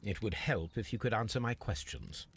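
An actor playing a composed Victorian detective who asks formal, measured questions in a game. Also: male voice, on the low side, a bit bright, natural voice. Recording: crowd noise behind.

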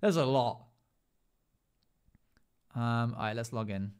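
A man hosting a casual live stream, talking while he plays and reeling off a long list of items. His voice is smooth and clear at an ordinary middle pitch, broken up by frequent fillers. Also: lively intonation, takes it slowly, darkish tone. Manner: rattles off long lists with many fillers.

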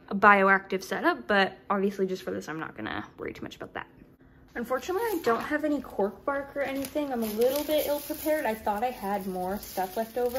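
Chatty young woman vlogging, slightly high. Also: fairly bright tone, slight background noise. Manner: chatty, apologetic, a little flustered. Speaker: reptile keeper vlogger. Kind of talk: casual vlog chat.

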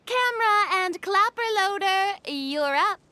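A woman voicing a vain, energetic young film director in a fan voice dub, talking in a bossy, theatrical way. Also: very high-pitched, unhurried, very noisy. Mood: commanding.

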